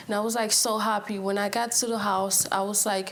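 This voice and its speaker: A woman's voice: mid-range voice, flat delivery, fairly quick, slight background noise. A teenage girl telling her own story as a guest, chatty and full of likes and ums. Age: teens. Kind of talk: casual personal story.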